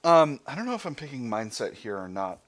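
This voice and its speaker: A man with an American accent reads a strategy game's story text in a steady, deliberate way. He then slips into loose, conversational asides, restarting and correcting himself as he plays. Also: medium pitch. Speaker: gaming channel host. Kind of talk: reading game text aloud with let's-play commentary.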